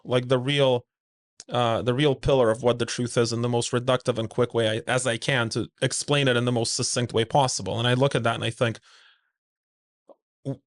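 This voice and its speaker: Guy on a podcast, blunt and emphatic, tells stories and acts out the quotes. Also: mid-range voice. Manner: animated storyteller, acts out quoted dialogue in a raised voice; blunt, emphatic, repeats key points. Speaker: guest, suit company founder. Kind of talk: conversational podcast interview.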